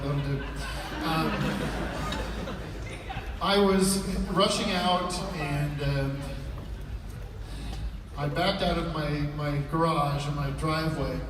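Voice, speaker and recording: Man, stand-up comic, rambling deadpan tales, high-pitched voice, echoey club, loud crowd. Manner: rambling, deadpan storytelling with sudden yelling. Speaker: stand-up comedian. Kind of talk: live stand-up routine. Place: live comedy club stage. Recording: echoey live room, mic from far off, loud crowd noise. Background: loud laughing crowd.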